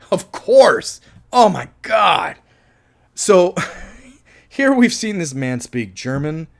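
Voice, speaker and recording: A man reviewing a film in a casual monologue. He is enthusiastic, laughs often and swears freely. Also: mid-range voice.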